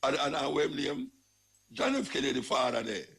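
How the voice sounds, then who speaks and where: A man's voice: medium pitch, big pitch swings, moderate pace, creaky, fairly bright tone. A man with a Jamaican accent, hosting a talk show and ranting about crime in casual, repetitive, emphatic commentary. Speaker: radio talk show host.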